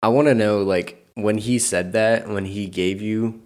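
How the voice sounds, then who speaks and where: A man's voice: on the low side, steady tone, measured pace, darkish tone. A man hosting a casual podcast, joking around and asking questions. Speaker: podcast host.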